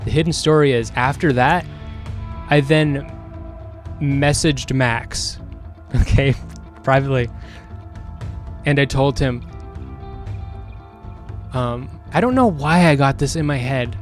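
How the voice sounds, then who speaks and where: A man of middling pitch talks off the cuff on a live stream, circling back on himself and second-guessing as he goes. Faint music plays behind him. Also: slow pace, pauses often. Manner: rambling and self-questioning, with many restarts; grows louder and more heated later on. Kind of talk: casual stream chat, reading chat comments.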